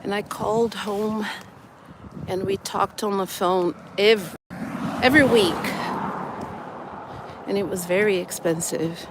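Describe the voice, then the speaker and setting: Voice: mid-range voice, slow, pauses often. A middle-aged vlogger chatting reflectively while walking outdoors, recorded on a phone. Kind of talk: casual walking vlog. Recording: noisy outdoor recording with passing vehicles.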